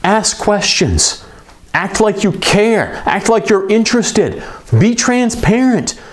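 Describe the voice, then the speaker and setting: A middle-aged man gives a coaching talk to repair shop owners, his voice sitting a little high and swinging widely in pitch. He speaks emphatically and conversationally, tossing in quick asides. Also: big pitch swings. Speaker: business coach for repair shops.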